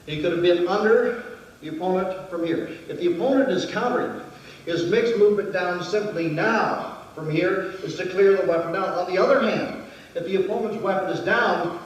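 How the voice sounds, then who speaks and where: A martial arts instructor leads a weapons demonstration lesson, methodically counting out every movement in a voice that sits high. The audio is dull with slight background noise, captured by a distant mic in a very echoey hall.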